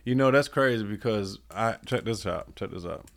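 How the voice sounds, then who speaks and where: A man with a lowish voice talks in a relaxed, slangy way as he co-hosts a podcast. He tells his stories at an easy pace. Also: normal speed, gravelly. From United States. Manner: laid-back storyteller, heavy slang. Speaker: podcast co-host. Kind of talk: casual chat.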